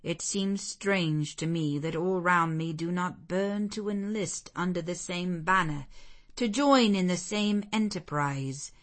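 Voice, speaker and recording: A woman reading the part of a stern, zealous male missionary clergyman in a deep, relentless, commanding manner. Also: slow. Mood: resolute. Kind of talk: audiobook character voice.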